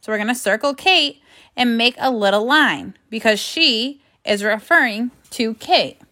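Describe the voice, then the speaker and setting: A woman teaching a phonics and grammar lesson to young children, speaking slowly and carefully in an encouraging classroom manner. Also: a little high, sharp tone.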